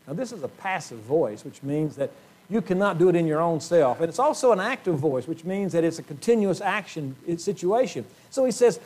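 A man preaching in a church with a somewhat high-pitched voice. He speaks earnestly, often pauses to clear his throat, and leans on rhetorical questions to his congregation. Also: very animated, a little mellow. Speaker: pastor. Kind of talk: sermon. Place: church sanctuary.

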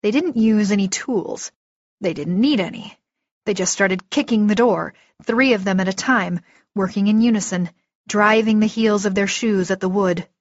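A woman narrating a first-person audiobook in a steady, vivid storytelling manner. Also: mid-range voice, normal speed, no echo. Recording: dull lo-fi recording, dry.

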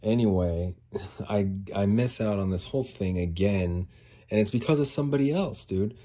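A man's voice: fairly low pitch, moderate pace, dark tone. A man hosting a podcast in a casual solo rant, frustrated and swearing, a little out of breath. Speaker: podcast host.

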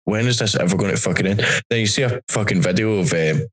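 Sweary Scottish man, low voice. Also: fast talker, low-quality recording. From Scotland. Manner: rambling, sweary, stop-start. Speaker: stand-up comedian, podcast co-host. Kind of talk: casual chat.

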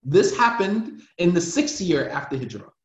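A man's voice: a little high, sing-song, normal speed, creaky. A man, an imam, giving an emphatic, impassioned religious class lecture and driving his points home with repetition. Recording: roomy, dull lo-fi sound.

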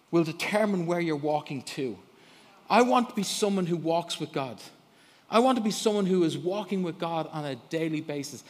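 Animated man preaching in a hall. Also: high voice. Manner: animated storyteller, laughs often, repeats words when starting. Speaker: guest preacher. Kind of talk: sermon. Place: church hall. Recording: long hall reverb.

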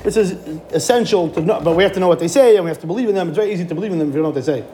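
A man giving a Torah class, animated, with rhetorical questions and frequent restarts. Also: high-pitched, racing, a little hiss or hum. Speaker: Torah teacher.

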